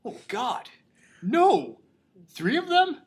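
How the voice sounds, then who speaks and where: A man doing a panicked young man, pitched high. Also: wildly swooping pitch, takes it slowly, husky, full character voice. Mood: shocked. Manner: high, strained cries. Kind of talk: mocking movie reenactment.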